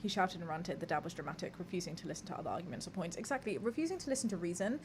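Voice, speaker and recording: A woman's voice: lowish voice, rapid-fire, noisy background. A young woman hosting a live podcast, chatting candidly with her audience, reading messages aloud and swearing casually. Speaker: podcast host. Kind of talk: casual live-stream chat.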